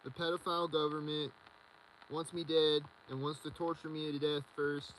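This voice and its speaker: A man's voice: a little high, flat delivery, normal speed, fairly bright tone, a little hiss or hum, low-quality recording. A man rambling in a solo video monologue, agitated and repetitive as he rants. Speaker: vlogger.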